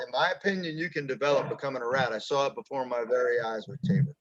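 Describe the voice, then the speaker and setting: A high school baseball head coach in a casual panel discussion, giving encouraging advice and checking in with his listeners. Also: fast talker, fairly bright tone. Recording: dull, muffled audio.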